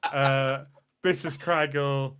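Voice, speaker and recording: A man's voice: medium pitch, steady tone, extremely slow, heavy background noise. A man hosting a casual live-stream podcast, rambling loosely through the sign-off with plenty of filler words. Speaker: podcast host.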